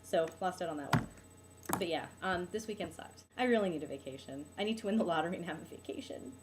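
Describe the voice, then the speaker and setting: A woman's voice: lowish voice, fast talker, noisy background. A young woman, venting about a bad weekend in a casual vlog, peppered with "like" and "um". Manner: exasperated, venting, frequent "like" and "um". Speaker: vlogger.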